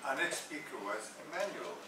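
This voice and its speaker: A man's voice: medium pitch, big pitch swings, moderate pace. A man giving a methodical, encouraging evaluation of a speech at a club meeting. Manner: encouraging and methodical, weighing praise and advice. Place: meeting room. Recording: distant mic in an echoey room with room noise.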